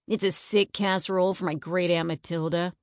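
A woman's voice: fairly low pitch, steady tone, a little fast, no room sound, clean studio sound, lightly acted. A woman voicing a grumpy, sarcastic young boy who whines and mutters in a children's storybook. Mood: grumbling. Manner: whiny, sarcastic.

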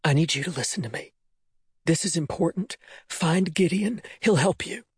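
A man's voice: a little high, animated, moderate pace, breathy edge, no room sound, studio quality, pitched above the performer's own voice, full character voice. A man doing a desperate, whispering mother. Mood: urgent. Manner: urgent, pleading, often whispered. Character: desperate, loving, frightened mother. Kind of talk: audiobook character voice.

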